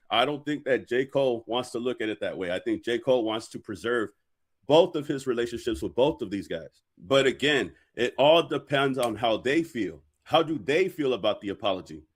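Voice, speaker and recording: A man hosting a reaction channel, talking in a measured way as he lays out his view. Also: medium pitch. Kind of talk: casual commentary.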